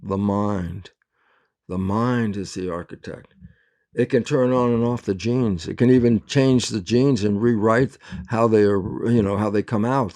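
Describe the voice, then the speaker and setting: A male scientist as an interview guest, explaining in lively storytelling and acting out both sides of remembered conversations, laughing often. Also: mid-range voice. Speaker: interview guest, cell biologist.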